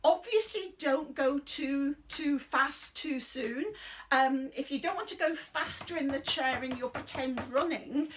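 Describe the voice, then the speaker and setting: A middle-aged British woman leading a chair exercise class in a chatty, rambling, encouraging way, breathing deeply and a little out of breath. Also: measured pace, noisy background. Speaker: fitness instructor. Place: indoors under a big light.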